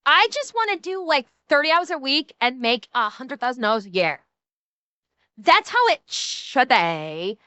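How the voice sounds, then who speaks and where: Brief: whiny entitled Valley Girl, as a woman mocks her, high and bright, dry close sound. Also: sing-song, clean tone, no echo, full character voice. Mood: whiny mocking. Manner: mocking, drawn-out whining.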